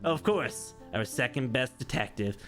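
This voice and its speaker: A man voicing a formal, measured supervisor, pitched below his own voice. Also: expressive, fairly bright tone, soft background music.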